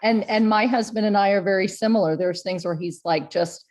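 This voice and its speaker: A woman's voice: mid-range voice, fairly quick, darkish tone. A middle-aged woman speaking as a guest in a casual conversation, chatty and empathetic.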